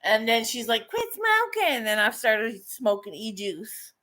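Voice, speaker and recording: A woman in middle age talks casually as she paints, at a slow, unhurried pace. She swears freely and breaks into laughter often. Her voice sits at an ordinary pitch for a woman. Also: fairly even intonation, bright, forceful tone. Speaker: painting vlogger. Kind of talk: casual chat while painting.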